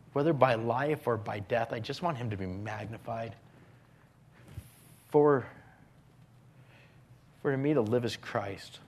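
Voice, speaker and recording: A man preaching a sermon as a pastor, earnest, often dropping his voice to a hushed whisper on key phrases. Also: medium pitch, husky.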